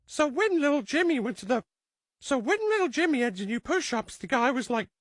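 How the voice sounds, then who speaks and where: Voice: high voice, big pitch swings, fairly quick, dry recording. A storyteller rambling through an improvised tale, restarting sentences and quoting characters with "he's like".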